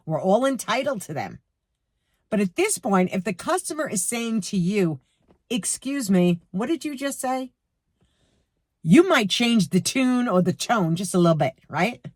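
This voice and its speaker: Retired New York woman in her sixties, vlog rant, lively pitch, dry sound. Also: no room sound. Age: 60s. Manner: indignant, animated, acts out quotes. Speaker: vlogger. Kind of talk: storytime rant to camera. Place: her garage. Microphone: camera.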